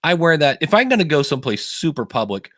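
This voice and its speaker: A man's voice: on the high side, very animated, fast talker, sharp tone, no echo, clean studio sound. A man co-hosting a podcast, telling stories in casual chat, laughing often. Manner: chatty storyteller, laughs often, many fillers. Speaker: podcast co-host.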